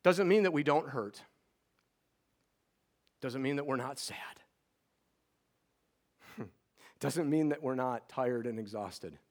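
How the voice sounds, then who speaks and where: A middle-aged man preaching a sermon as pastor, earnest and pleading, often restarting words in quick repeats. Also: medium pitch, expressive, a little mellow.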